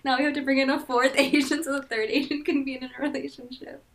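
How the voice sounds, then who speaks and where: A woman's voice: sits high, level tone, quick pace, a little hiss or hum, poor audio. A woman in a casual podcast chat, sarcastic and often laughing as she talks. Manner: sarcastic, laughs while talking, trails off.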